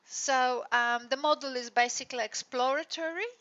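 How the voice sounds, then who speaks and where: Bright-voiced woman lecturer, dull recording. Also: sits high, moderate pace. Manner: explanatory, frequent tag questions. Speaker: university lecturer.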